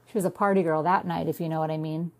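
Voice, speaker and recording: A woman's voice: low voice, fairly even intonation, fast, a little mellow. A woman voicing a cocky young man who talks in smug, teasing banter.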